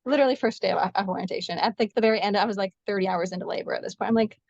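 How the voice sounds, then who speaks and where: A woman nurse telling the story of a difficult birth as an interview guest, animated and quick, acting out what others said to her. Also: mid-range voice, gravelly, no echo, highs cut off. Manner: fast, animated retelling with quoted dialogue. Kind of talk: emotional personal storytelling.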